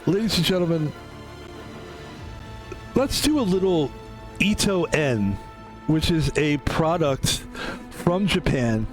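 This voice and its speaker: A hoarse man whose voice is still recovering, rambling chattily while he streams a game. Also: on the high side, expressive, slow, long pauses, faint music behind. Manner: rambling, chatty, self-mocking. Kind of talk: casual live-stream chat while gaming.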